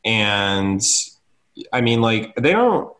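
A man's voice: lowish voice, very animated, very slow, fairly bright tone. A man co-hosting a podcast, chiming in with dry asides during a movie recap. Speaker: podcast co-host. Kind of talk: casual chat.

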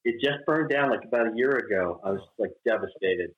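An older man from Mississippi in the US South, guesting on an interview, tells stories briskly in a lowish voice, laughing often and acting out quotes with animation. The recording sounds roomy and dull.

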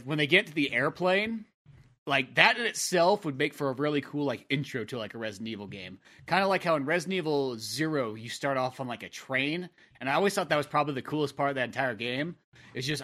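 A man's voice: medium pitch, bright, forceful tone. A man co-hosting a podcast, chatting casually in a rambling, jokey way, full of fillers and swearing. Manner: rambling, profane, jokey, lots of "like". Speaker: podcast co-host. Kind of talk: casual chat.

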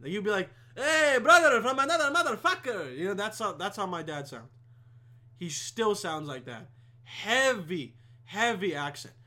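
A man's voice: high voice, pushed and bright. A young man delivering a rambling, profane comedic rant to camera with heavy swearing. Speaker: vlogger.

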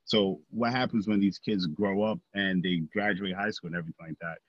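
A man's voice: sits low, steady tone, a little fast, dry recording, muffled recording. A man co-hosting a podcast, talking earnestly in a casual discussion, with lots of fillers and restarts. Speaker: podcast co-host.

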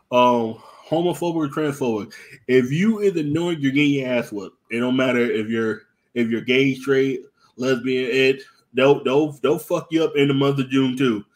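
A man's voice: medium pitch, moderate pace. A man, hosting a podcast in casual chat, telling profane, repetitive stories. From US East Coast. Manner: profane, repetitive storytelling with acted-out quotes. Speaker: podcast host.

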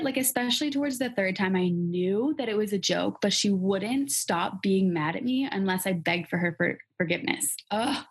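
A woman's voice: medium pitch, slightly rough. A woman co-hosting a podcast in casual chat, talking in a chatty way with many fillers. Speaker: podcast co-host.

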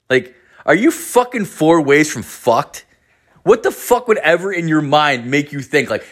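A man's voice: on the high side, sing-song, moderate pace, fairly bright tone. A man telling a casual, rambling comedic story, swearing constantly and leaning on "like". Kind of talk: casual profane storytelling rant.

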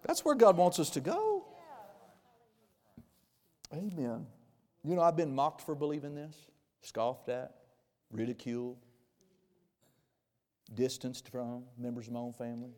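A pastor in his forties preaching a sermon, with emphatic loud bursts that drop into quiet, close asides. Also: mid-range voice, lively intonation, unhurried, pauses often, big-room sound. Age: 40s.

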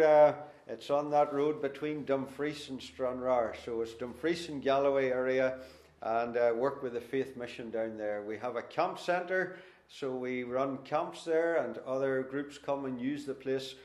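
Middle-aged Northern Irish man, guest preacher, folksy and self-deprecating, mid-pitched voice. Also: reverberant. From Northern Ireland. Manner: homely, folksy, with gentle self-deprecating humour. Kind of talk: sermon introduction and Bible reading.

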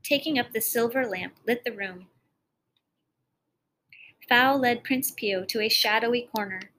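A woman's voice: a little high, unhurried, bright, forceful tone, a little hiss or hum, low-quality recording. A woman narrating a fairy tale expressively, with dramatic storybook reading.

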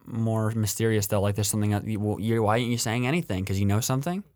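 A man in casual chat who reasons things through in a quick, skeptical way. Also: on the low side, a little mellow.

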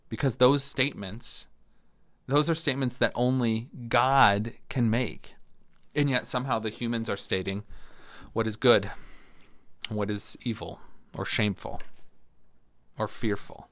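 A man's voice: on the low side, measured pace, long pauses, no room sound, studio quality. A middle-aged man, a Lutheran pastor, teaching a Bible study in a conversational way and reading scripture aloud. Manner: conversational, restarts and fillers, acts out quoted voices.

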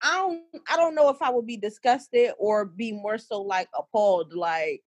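A woman's voice: fairly high pitch, slightly rough. A woman on a podcast, chiming in bluntly and profanely during casual chat. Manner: quick to chime in, blunt and profane. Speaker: podcast co-host.

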